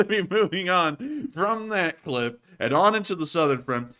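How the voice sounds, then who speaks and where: A man's voice: high-pitched, animated, a little slow, hardly any pauses, sharp tone. A man hosting a casual commentary show over video clips, rambling and making sarcastic jokes. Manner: jokey, rambling, sarcastic asides. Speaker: host of a war news commentary channel.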